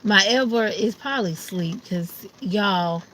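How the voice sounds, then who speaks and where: An unhurried woman with a mid-range, fairly bright tone chats to her viewers as a vlogger. Sleepy and heading to bed, she mimics her family's voices from time to time.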